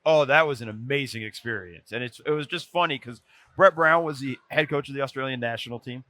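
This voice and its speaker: A man, a podcast guest, telling stories in a casual chat, animated and quick to restart his sentences. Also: mid-range voice. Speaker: podcast guest, former NBA video coordinator. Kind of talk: casual storytelling.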